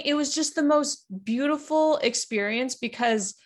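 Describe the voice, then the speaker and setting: A woman's voice: high voice, a little slow, few pauses. A woman from Canada talking as a guest, sharing personal experiences in an earnest, reflective way with lots of filler words. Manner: reflective, earnest, many fillers like "like" and "you know". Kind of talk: candid personal conversation.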